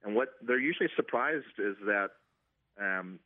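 A man's voice: lowish voice, lively intonation, normal speed, no room sound. A man working as a stadium organist, answering interview questions casually with many ums and restarts. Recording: tinny phone line.

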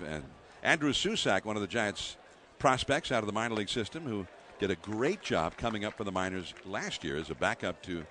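Baseball guest announcer guy, kinda lowish voice, lots of uhs and restarts, bouncy tone. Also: a bit bright. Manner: halting, many restarts and fillers. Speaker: guest broadcaster. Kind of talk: baseball play-by-play and booth chat.

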